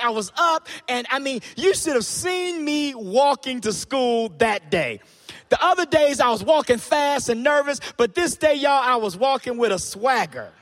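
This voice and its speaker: A man's voice: very high voice, fairly bright tone. A man preaching a sermon in church, telling a personal story and then preaching emphatically while calling on the congregation to respond. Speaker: pastor.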